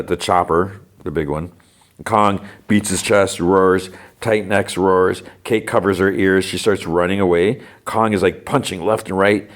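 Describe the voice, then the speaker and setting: A male podcast host giving a casual, rambling recap of an episode, filling his talk with "like" and "you know.". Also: sits low. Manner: rambling retelling full of "like" and "you know" fillers.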